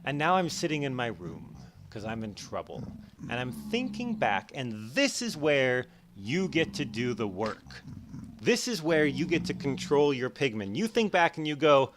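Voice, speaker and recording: A man explaining psychology in a casual, animated way over gameplay, acting out his own thoughts in quick bursts. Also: medium pitch, background noise. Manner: animated, acts out his own inner voices. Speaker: educational YouTuber.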